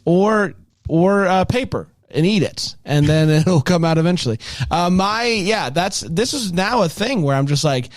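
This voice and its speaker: A man's voice: high voice, animated, a little slow, no echo, clean studio sound. A man co-hosting a podcast, recapping a movie in a joking, rambling way. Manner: joking, rambling, playful asides. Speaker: podcast co-host. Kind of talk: casual chat, movie recap.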